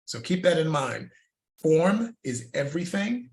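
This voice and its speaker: An older man, a fitness coach, giving a casual lesson and telling stories in a lively way, with laughs and repeated words. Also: a little high, a little slow. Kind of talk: casual instructional talk. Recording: roomy echo.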